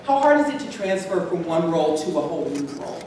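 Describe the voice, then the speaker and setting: A woman's voice: on the low side, very animated, fast, dark tone. A woman from San Francisco politely asking an actor a question on her daughter's behalf at a convention panel. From San Francisco area. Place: large convention hall. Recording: echoey hall, mic from far, noisy.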